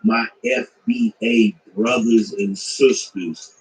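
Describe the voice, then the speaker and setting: A man's voice: fairly low pitch, steady tone, slow, poor audio. An American man hosting a livestream, ranting with repeated rhetorical questions and stammering restarts. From United States. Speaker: livestream host. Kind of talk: heated livestream rant.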